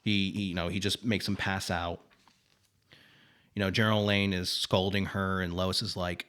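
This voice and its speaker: A man's voice: deep voice, fairly even intonation, measured pace, fairly bright tone, clear, resonant tone. A man co-hosting a podcast, retelling a comic book story in a rambling, profane, filler-heavy way. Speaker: podcast co-host. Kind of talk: casual comic book recap.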